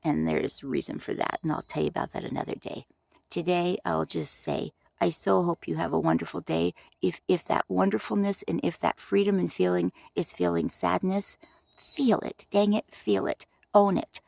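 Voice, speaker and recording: A middle-aged woman talking unscripted and rambling on her home deck, animated, with many restarts. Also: on the low side, moderate pace, creaky, no echo. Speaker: vlogger. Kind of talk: unscripted casual monologue.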